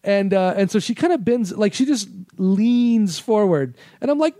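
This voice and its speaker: A man's voice: high-pitched, lively intonation, moderate pace, warm tone, no echo, studio quality. A man guesting on a podcast, telling rambling, profane stories in casual chat and laughing often. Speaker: podcast guest, former adult-film editor.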